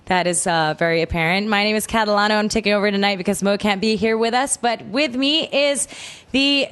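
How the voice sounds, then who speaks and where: A woman's voice: mid-range voice, a little fast, a bit bright. A young woman guest-hosting a podcast, bubbly and chatty, laughing often as she talks. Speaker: guest host. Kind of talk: casual radio-style podcast chat.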